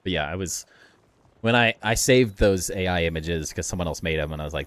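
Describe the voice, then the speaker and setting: A man's voice: low voice, a little fast, a bit bright, no echo. A man streaming a building game, talking casually with chat in a rambling way, laughing often and restarting his sentences.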